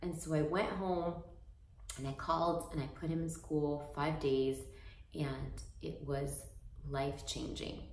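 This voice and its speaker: A woman's voice: low-pitched, steady tone, measured pace, a little mellow, slight background noise. A woman fitness coach giving an earnest, encouraging motivational talk that rambles with restarts. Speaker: fitness coach and business owner. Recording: roomy echo, mic far off.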